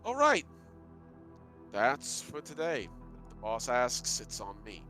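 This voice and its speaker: A man voicing a weary young male bartender who talks in a low, resigned, offhand way in a tabletop game. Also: huge pitch swings, slow pace, pushed and bright, soft background music, heavily acted. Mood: generous.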